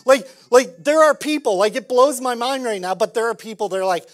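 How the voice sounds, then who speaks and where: A man preaching a sermon as pastor, conversational and lively, swinging from loud emphasis to quiet intensity. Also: extremely high pitch, fairly quick, few pauses.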